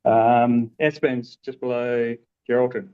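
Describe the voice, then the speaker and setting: A man's voice: mid-range voice, steady tone, unhurried, clear, resonant tone, phone-quality sound. A man calling in to a show, answering briefly and agreeably in a casual chat. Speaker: caller.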